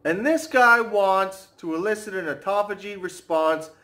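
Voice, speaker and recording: A man ranting to camera as a fitness vlogger, brash and mocking, slowing right down to stress his points. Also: sits high, sharp tone. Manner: brash, mocking, slows down for emphasis.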